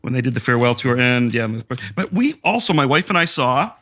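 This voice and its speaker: A man talking over a video call with a bright, forward voice that is getting a little hoarse. He rambles excitedly and keeps interrupting himself, in a loose, casual-chat way. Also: medium pitch, brisk. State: losing his voice, hoarse. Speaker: collector showing memorabilia.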